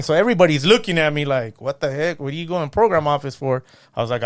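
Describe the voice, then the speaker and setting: His voice is fairly high with vocal fry, and he talks briskly, recorded at studio quality without echo. A middle-aged San Gabriel Valley man, he's a podcast guest in the studio, animatedly telling his own story, imitating the people he quotes and saying things like "you know what I mean."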